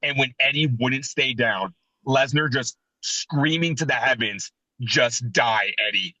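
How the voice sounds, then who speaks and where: A man in his thirties co-hosting a casual wrestling podcast, telling animated, sentimental stories. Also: medium pitch, a little slow, dry recording, low-quality recording. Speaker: podcast co-host.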